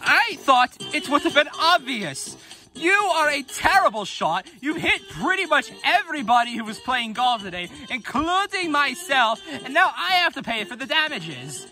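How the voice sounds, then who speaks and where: Performer doing a sarcastic scolding operator, raised pitch, bright and sharp, animated. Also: moderate pace, faint music behind, exaggerated voice. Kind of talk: amateur plush-toy dub.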